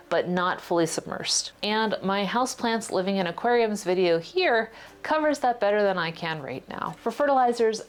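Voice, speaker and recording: A woman hosting a houseplant vlog at home, explaining plant care in a chatty, playful way with jokey asides. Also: mid-range voice. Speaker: houseplant vlogger. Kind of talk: casual informative vlog narration.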